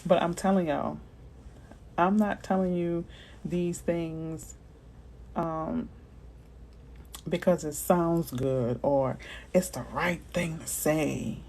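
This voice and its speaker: Animated woman realtor chatting with viewers. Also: deep voice, takes it slowly, pauses often, slight background noise, rough recording. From Florida. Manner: animated, slangy, reads out viewer comments. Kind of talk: casual livestream chat with viewers.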